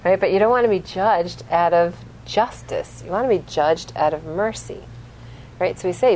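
A woman teaching a lively lesson, telling stories and asking her class questions. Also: fairly low pitch, moderate pace, slight background noise, poor audio. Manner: animated storyteller, asks the class questions. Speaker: religious teacher.

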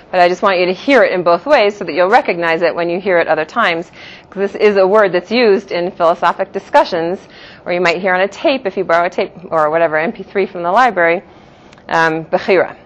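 A woman teaching a Jewish philosophy class, explaining terms patiently and giving each in two pronunciations. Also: fairly low pitch. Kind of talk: classroom lecture. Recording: dull lo-fi classroom recording.

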